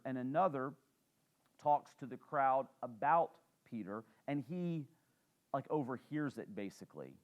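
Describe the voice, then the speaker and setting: A man's voice: mid-range voice, lo-fi sound. A man, a pastor teaching a sermon in church in a conversational way, with fillers and questions to the congregation.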